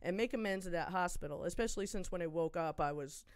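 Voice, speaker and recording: A woman's voice: on the low side, quick pace, no echo. A woman guest on a podcast, telling a personal story in casual chat and acting out the voices she quotes. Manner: animated, acts out quoted voices.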